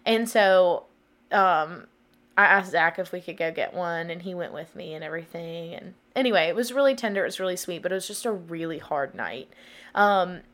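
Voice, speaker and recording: A woman's voice: on the low side, moderate pace, fairly bright tone. A young woman, hosting a podcast in a casual, rambling, confessional way with many fillers. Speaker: podcast host.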